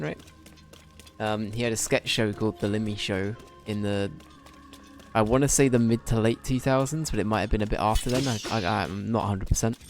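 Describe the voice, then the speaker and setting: A man streaming a video game, chatting casually in a rambling way and swearing now and then. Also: fairly low pitch. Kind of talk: casual livestream commentary.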